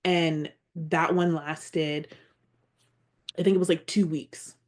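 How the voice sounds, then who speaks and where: A woman's voice: low-pitched, steady tone. A woman speaking as a podcast guest, telling a personal story in a heartfelt, earnest way and sometimes near tears. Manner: heartfelt, earnest, slow and reflective.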